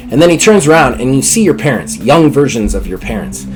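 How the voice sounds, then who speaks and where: A man narrating a tabletop game as game master, relaxed and halting. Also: medium pitch, music in the background.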